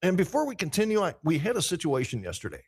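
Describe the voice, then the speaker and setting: A man with a high, slightly rough voice, darkish in tone, talks fast with huge pitch swings. Hosting a podcast, he chats loosely and profanely before a live show, addressing himself and listeners while setting up in a big echoey room.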